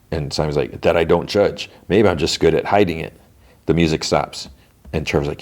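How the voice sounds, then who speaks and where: A man's voice: a bass voice, steady tone, moderate pace, darkish tone. A man hosting a podcast, casually recapping a TV episode and quoting the characters loosely. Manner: retells scenes loosely, quoting lines with "he's like". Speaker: podcast host.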